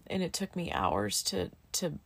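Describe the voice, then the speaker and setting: A woman's voice: lowish voice, very animated, unhurried, vocal fry, breathy edge. A middle-aged woman and student pilot in casual chat, candid and emotional, with plenty of fillers like "like" and "dude.".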